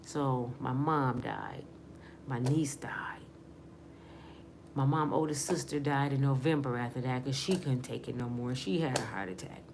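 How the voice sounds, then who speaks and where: Low-voiced woman telling her testimony. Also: fairly even intonation, normal speed, few pauses, noisy background. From Michigan, USA. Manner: earnest, emotional, conversational with casual grammar. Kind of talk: personal testimony storytelling.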